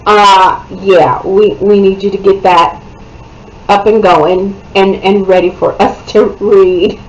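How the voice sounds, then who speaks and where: Slow, chatty woman reviewing a book. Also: mid-range voice, highs cut off. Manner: chatty, animated, keeps asking "okay?".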